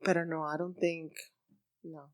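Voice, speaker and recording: A woman's voice: low voice, little pitch movement, moderate pace. A woman co-hosting a casual podcast chat, switching mid-sentence between English and Spanish and laughing often. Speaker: podcast co-host.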